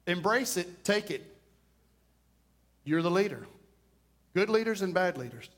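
A man preaching a sermon from the pulpit, with a high voice for a man. He presses his points by repeating them and slips into little acted quotes of what people say. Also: lively intonation, measured pace, pauses often, fairly bright tone. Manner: emphatic preacher who repeats key phrases and acts out quotes. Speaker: pastor. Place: church.

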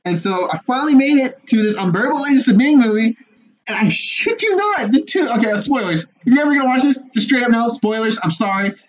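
A young man co-hosting a podcast in casual chat, animated and swearing a lot, laughing often. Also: very high voice, quick pace. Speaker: podcast co-host. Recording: muffled lo-fi audio with faint noise.

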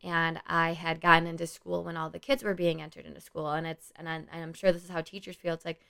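A woman's voice: lowish voice, little pitch movement, quick pace, vocal fry, bright, forceful tone, clear, resonant tone. A young woman who works as a school social worker, talking earnestly and loosely in a casual solo podcast, with lots of "like" and "you know". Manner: rambling, earnest, many "like" and "you know" fillers.

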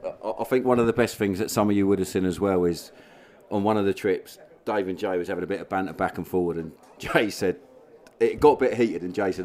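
A man's voice: low-pitched, brisk, a little mellow. A man, a guest angler, telling chuckling anecdotes on a live stage and acting out quotes.

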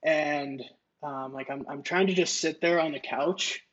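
A man's voice: fairly high pitch, unhurried, fairly bright tone, lo-fi sound. A man on a podcast telling a story in a casual, rambling way, swearing and using lots of filler words. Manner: rambling, profane, filler-heavy. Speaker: podcast co-host.

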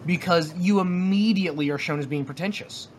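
Halting, opinionated male podcast co-host. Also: high voice, a little mellow, a little hiss or hum. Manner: halting, many fillers and restarts. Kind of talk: casual podcast discussion.

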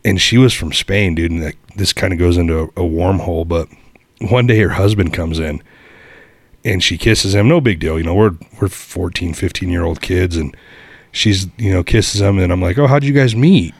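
A man hosting a podcast, chatting casually and rambling through crude, animated stories. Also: low voice, normal speed, creaky, no echo. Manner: rambling, profane, animated storyteller. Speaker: podcast host. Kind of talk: casual chat.

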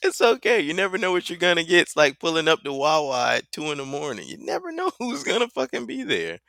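A man's voice: fairly high pitch, very animated, fast talker, gravelly, pushed and bright, no room sound, studio quality. A man co-hosting a podcast, telling profane stories with a lot of laughter in casual chat. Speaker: podcast co-host.

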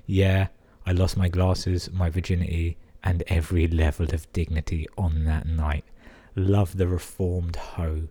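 A young English podcast host reads listener emails aloud in a low, warm voice with a breathy edge. His delivery is flat and unhurried, with few pauses. He cuts in now and then with sarcastic, sweary commentary.

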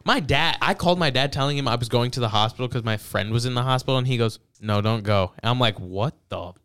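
A young man co-hosting a casual podcast, retelling a story and reading out text messages with halting restarts. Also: mid-range voice, fairly bright tone, clean tone, dry recording, clean studio sound. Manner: reads out texts, retells events with halting restarts. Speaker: podcast co-host. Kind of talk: casual chat.

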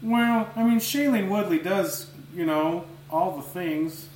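A man's voice: high voice, takes it slowly, darkish tone, roomy sound, far from the mic, slight background noise, poor audio. A man putting on a nasal impression of a grown male football quarterback, talking through his nose. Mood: smug.

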